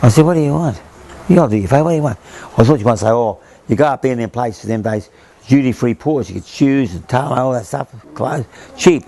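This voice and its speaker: A man's voice: medium pitch, lively intonation, fast talker, warm tone. An older Australian man, a former sailor, rambles through an oral history story, repeating himself and acting out the voices he quotes.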